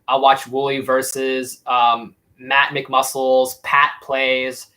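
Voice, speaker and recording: A man's voice: mid-range voice, completely flat delivery, slow, bright, forceful tone, rough recording. A young man in casual live-stream chat, rambling with many fillers and restarts as he answers viewers. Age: young adult. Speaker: YouTube streamer.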